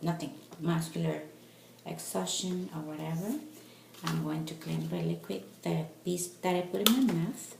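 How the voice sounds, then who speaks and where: Low-ish gravelly woman vlogging at home, chatty n a bit fed up, echoey room w some noise. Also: unhurried. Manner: chatty, exasperated and ranting. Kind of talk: casual product vlog.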